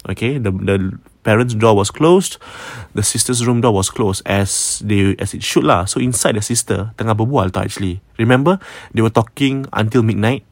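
A man's voice: on the low side, normal speed, hardly any pauses, no room sound. A man with a Malaysian English accent, telling a ghost story casually, chatty and sprinkling in Malay words. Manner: chatty, mixes Malay words, frequent restarts.

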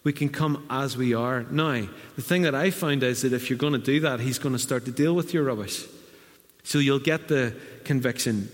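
A man's voice: mid-range voice, normal speed. A middle-aged man preaching a conversational sermon in a church, now and then acting out quotes in a raised voice. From Northern Ireland. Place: church hall. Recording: reverberant church hall.

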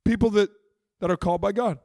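A middle-aged man delivers a sermon in a high, light voice. He preaches in a conversational, animated way with playful asides. The sound is close and dry, with no room echo. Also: fast talker, vocal fry. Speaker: pastor.

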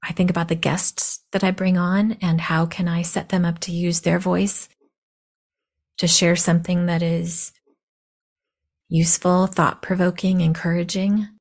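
A woman's voice: lowish voice, little pitch movement, unhurried. Scratchy-voiced woman podcaster recovering from a cold. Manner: blunt, candid. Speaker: podcast host. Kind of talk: personal storytelling monologue.

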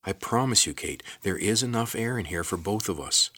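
A man voicing a steady young hero who gently reassures a frightened companion. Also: on the low side, moderate pace, no echo, clean studio sound. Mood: soothing.

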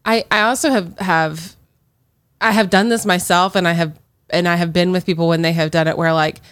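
A woman's voice: fairly low pitch, fairly even intonation, normal speed, fairly bright tone, clear, resonant tone, no room sound. A woman in casual conversation, supportive and affirming, sharing her own experiences. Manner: supportive, frequent affirming "yeah" and "right".

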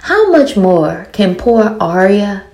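A woman in her forties with a thick Louisiana accent, giving a blunt, animated, swearing recap of a TV episode full of rhetorical questions. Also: mid-range voice, takes it slowly. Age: 40s. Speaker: TV show reviewer. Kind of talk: casual episode recap and commentary.

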